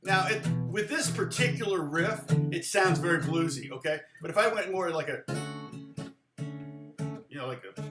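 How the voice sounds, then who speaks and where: A man's voice: high voice, lively intonation, normal speed, pauses often, reverberant. Chatty man teaching guitar, counting aloud. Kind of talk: live-streamed guitar lesson. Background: guitar playing.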